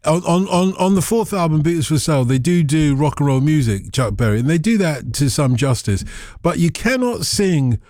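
A man hosting a radio phone-in show, excitable and bantering with his callers. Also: fairly high pitch, a little fast, hardly any pauses, dry recording. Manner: excitable, bantering, exclaims often. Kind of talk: lively radio chat with callers. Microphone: studio microphone.

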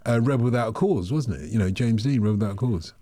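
A man's voice: medium pitch, animated, quick pace, mellow. A man hosting a radio phone-in, chatting casually and rambling with frequent self-corrections.

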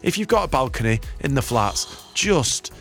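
A man's voice: mid-range voice, sing-song, moderate pace, creaky, a bit bright. A man hosting live radio from a studio, chatting in a jokey, rambling way and laughing often. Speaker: radio host. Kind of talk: live breakfast radio chat. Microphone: studio microphone.

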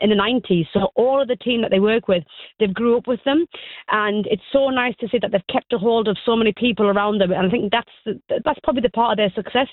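Fast, gushing woman on phone. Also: on the high side, no echo. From North of England. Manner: bubbly, gushing, fast and effusive. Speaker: guest singer and actress. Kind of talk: chatty radio interview. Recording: tinny phone line.

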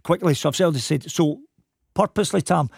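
A Scottish football coach from Glasgow with a Glaswegian accent, telling animated stories in a casual chat. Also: male voice, fairly high pitch, creaky, no room sound, clean studio sound. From Scotland. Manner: animated anecdotes, quick talk. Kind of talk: casual storytelling.

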